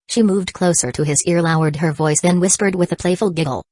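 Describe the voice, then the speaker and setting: A woman narrates a romance novel in a measured, even voice. Her pitch sits low. The recording is dry and close, with no room sound. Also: no echo. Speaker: audiobook narrator. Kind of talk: scripted narration.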